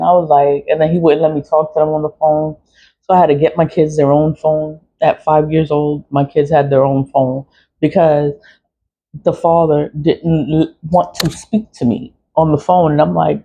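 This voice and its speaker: Middle-aged New woman, husky mellow voice, blunt and profane, venting casually on dull lo-fi audio. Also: low voice, steady tone, moderate pace. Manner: blunt, swearing, venting with laughs. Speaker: vlogger. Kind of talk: casual personal storytelling.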